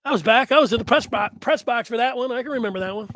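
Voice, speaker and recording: A man hosting a sports talk show, chatting casually and acting out announcers and fans with lively energy. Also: very high-pitched, racing, no echo. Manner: animated, acts out fans and announcers. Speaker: sports radio host.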